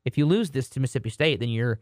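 A young man co-hosting a casual sports podcast, joking and rambling with quick restarts. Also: medium pitch, animated, no echo, clean studio sound. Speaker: podcast co-host.

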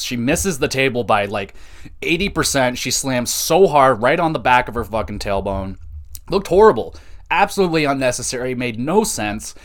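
Sarcastic, foul-mouthed man recapping wrestling. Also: medium pitch. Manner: sarcastic, swears a lot, excitable. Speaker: podcast host.

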